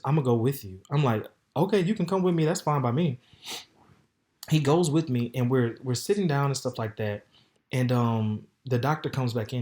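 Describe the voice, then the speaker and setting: A man hosting a podcast, telling a candid story in a sassy, flamboyant way, with loud outbursts and low mutters. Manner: flamboyant, sassy, animated, calls listeners "baby" and "honey". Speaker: podcast host. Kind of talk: casual storytelling monologue.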